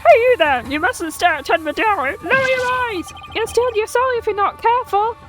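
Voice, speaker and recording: A woman voicing a frantic townswoman shouting urgent warnings in a game. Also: very high-pitched, moderate pace, soft background music, pitched above the performer's own voice. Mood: alarmed.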